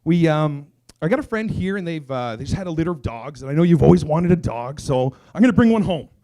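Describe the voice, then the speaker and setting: A man's voice: fairly high pitch, animated, quick pace, dark tone. A man quoting his wife on the phone. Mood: cheerful. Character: the speaker's wife on the phone, upbeat.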